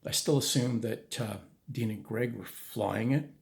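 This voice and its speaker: Male storyteller, gravelly low-mid voice, casual and rambling, mid-pitched. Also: unhurried, a little mellow. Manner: conversational, with frequent restarts and asides.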